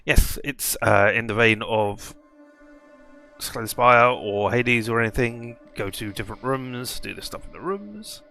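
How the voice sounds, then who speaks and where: A man's voice: medium pitch, expressive, a little slow, creaky, pushed and bright, soft background music. A man hosting a casual let's play video, commenting on a game in a rambling, self-mocking way.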